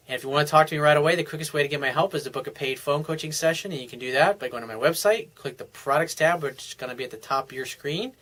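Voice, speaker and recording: Middle-aged man, dating coach, casual straight talk, bright and fairly high voice. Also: fast talker, few pauses. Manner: blunt, conversational, with mild swearing. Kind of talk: casual video newsletter monologue.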